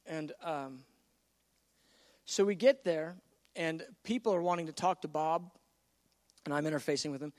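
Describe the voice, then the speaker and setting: A man preaching a sermon, telling a story in an animated way and acting out the voices of the people in it. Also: on the high side, moderate pace, pauses often, big-room sound. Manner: animated, acts out voices in stories.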